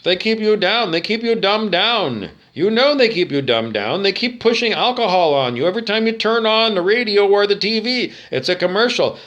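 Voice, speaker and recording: A man's voice: high voice, big pitch swings, moderate pace, few pauses, a bit bright. A man from Canada ranting to the camera, agitated and profane, repeating himself and firing off rhetorical questions. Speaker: video monologue speaker.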